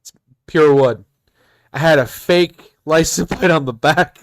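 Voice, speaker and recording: A man's voice: fairly high pitch, moderate pace, clean tone. A man on a casual podcast, telling a work story with lots of laughter and swearing. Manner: animated, laughs often, profane. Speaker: podcast host.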